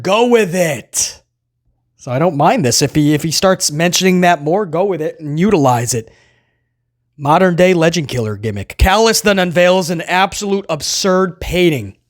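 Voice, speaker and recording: High-voiced man casually recapping wrestling. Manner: loose and chatty, often says "man", chuckles. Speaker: wrestling show host. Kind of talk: casual solo recap commentary.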